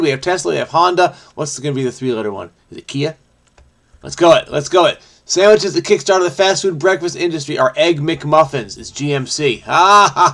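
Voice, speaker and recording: A man's voice: medium pitch, vocal fry, fairly bright tone. A man hosting a crossword video, solving casually and thinking aloud, trailing off and making self-amused asides.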